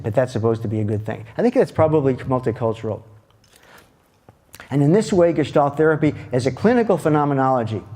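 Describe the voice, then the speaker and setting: A man with a warm, mellow tone lectures as a therapist and walks his listeners through a clinical case. He speaks reflectively and haltingly, often restarting his sentences. His pitch sits in an ordinary middle range for a man.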